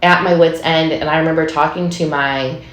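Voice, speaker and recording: A woman's voice: low voice, steady tone, fairly quick, reverberant. A woman co-hosting a podcast, a teacher and mother, telling personal stories casually. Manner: storytelling with quoted voices and laughs. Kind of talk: casual chat.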